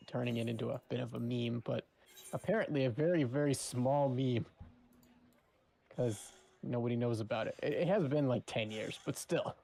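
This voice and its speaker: A man streaming, chatting casually and telling animated stories with frequent laughs. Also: medium pitch, creaky, slight background noise. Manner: animated storyteller, laughs often. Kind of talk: casual chat.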